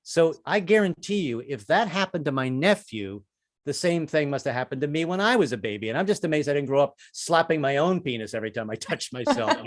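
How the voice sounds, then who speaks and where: An older man talking through a stand-up set, rambling and self-deprecating with plenty of false starts. His voice sits slightly high for a man. He keeps it conversational, like chatting to the crowd. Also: animated, a little fast. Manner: chatty, self-deprecating, jumps into high-pitched character voices for quoted people. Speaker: stand-up comedian. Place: comedy club stage.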